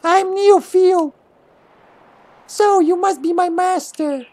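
A man voicing a cheerful little half-man, half-flower creature with a squeaky, chirpy voice while playing a game. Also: slow, darkish tone, no echo. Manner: eager, chirpy greetings. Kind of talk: video game playthrough voicing.

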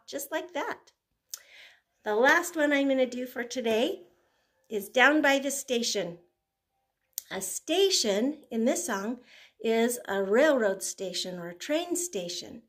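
An older woman, a grandmother, leading a toddler through finger plays and songs, talking gently and breaking into simple tunes. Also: sits high, measured pace. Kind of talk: gentle children's sing-along lesson.

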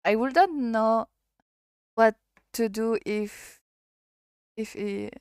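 A woman's voice: on the high side, extremely slow, darkish tone, clean tone, no echo, studio quality. A French woman voicing an emotional, tearful vampire woman in a game, in a plain reading voice.

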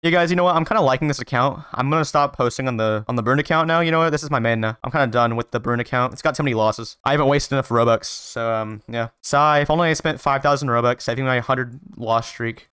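A man giving casual gameplay commentary, trash-talking playfully with quick excited outbursts. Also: mid-range voice, clear, resonant tone, dry recording, clean studio sound. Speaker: gaming video creator.

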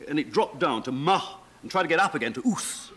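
Man, middle-aged, professorial guest, wide-ranging pitch. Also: lively intonation, fast talker, fairly bright tone, breathy edge. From England. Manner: professorial, demonstrates old pronunciations. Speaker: talk show guest. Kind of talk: lively explanatory chat.

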